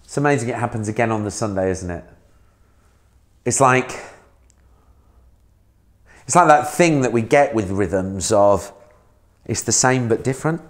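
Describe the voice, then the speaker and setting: A man's voice: fairly low pitch, animated, measured pace, long pauses. A man, a minister giving a sermon in a conversational way, asking the listener questions.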